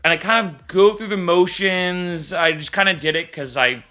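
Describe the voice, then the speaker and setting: A man's voice: high-pitched, normal speed, sharp tone, soft background music. A man vlogging casually to camera, candid and chatty, with frequent asides like "right?" and "I'll be honest.". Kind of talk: casual vlog talk to camera.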